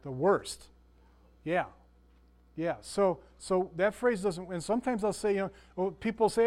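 Unhurried and a little mellow, this man's high-sitting voice carries a folksy Bible lesson. As a Sunday school teacher, he keeps it chatty, shares stories, and frequently asks his listeners questions.

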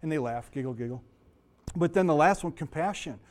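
A middle-aged man teaches a Bible lesson in a slightly high, expressive voice, moving fairly quickly. He's conversational and digressive, full of stories, and his voice sounds a touch sore.

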